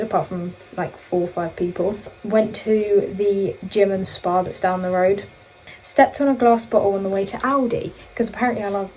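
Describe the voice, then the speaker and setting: A woman's voice: medium pitch, a little mellow, rough recording. A young woman vlogger telling a long story in casual chat, rambling and correcting herself as she goes. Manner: rambling, self-correcting, chatty.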